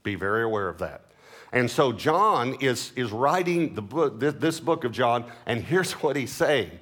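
A man preaches a sermon in an even, mid-pitched voice. He reads scripture aloud and then explains it. He drags out the words he wants to stress and lifts his voice on them. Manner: emphatic preaching, slowing and rising on key words. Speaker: pastor.

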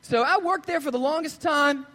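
High-voiced male preacher in a reverberant hall. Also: moderate pace. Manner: joking, storytelling, quotes others in lively voices. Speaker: pastor. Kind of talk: casual sermon. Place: church sanctuary.

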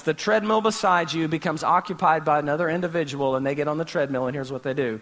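A man's voice: on the high side, fast, few pauses, fairly bright tone. A man preaching a sermon as a pastor, telling stories animatedly and acting out scenes with sound effects.

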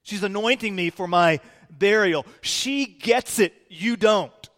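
A preacher voicing a stern, intense rebuke. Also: male voice, on the high side, brisk, in a large hall, close to an everyday voice. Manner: intense, forceful, clipped commands. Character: stern man rebuking a troublemaker.

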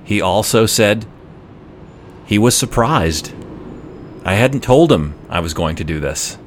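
A young adult man telling a personal story in a reflective, measured first-person way. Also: fairly low pitch, animated, a little hiss or hum.

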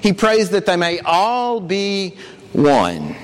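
A man's voice: high-pitched, huge pitch swings, slow, big-room sound, a little hiss or hum. A male preacher giving an earnest sermon, telling stories and often repeating words. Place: church.

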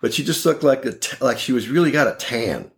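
A creaky, medium-pitched male voice, a little fast. He's an oral surgeon of about sixty, a podcast guest telling funny family stories in a casual interview, animated, wry and laughing as he slips into quoted voices.

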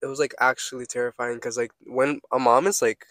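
He's a young man co-hosting a laid-back podcast, a rambling storyteller who swears plenty. His mid-range voice stays fairly flat in pitch, brisk and a bit bright, with no room sound.

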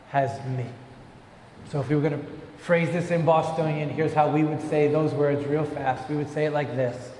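A man preaching a lively sermon, joking and acting out little voices as he teaches from a verse. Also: a little high, slight background noise. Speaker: pastor. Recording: echoey hall, long reverb.

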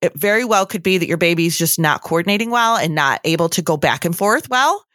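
A woman's voice: fairly low pitch, animated, a little fast, a bit bright, no room sound, clean studio sound. A young adult woman giving earnest, chatty advice on feeding babies, often slipping into quoted asides. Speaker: breastfeeding expert guest. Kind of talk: casual advice chat.

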